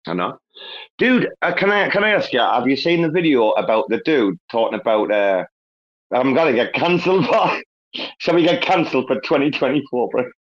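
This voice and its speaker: An English man hosting a loose late-night chat, peppering everything with swearing and bursts of laughter. His voice sits at a medium pitch, and the audio sounds a little dull and lo-fi. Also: very animated, brisk. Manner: profane, laughing, storytelling with a northern English slang. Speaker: host. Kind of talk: casual crypto community chat.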